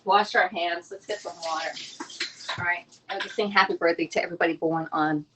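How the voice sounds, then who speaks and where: Fast-talking chatty woman, lowish voice. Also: steady tone, sharp tone, slightly rough. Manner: fast-talking, chatty, reads viewer comments aloud. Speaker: livestream cooking host. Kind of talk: casual live cooking chat. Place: home kitchen.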